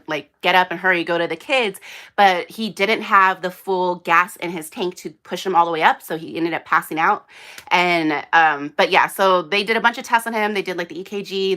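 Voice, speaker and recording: A woman's voice: on the low side, sharp tone. A young woman hosting a casual live unboxing from a small room under hot lights, rambling and chatty with lots of fillers. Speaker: host.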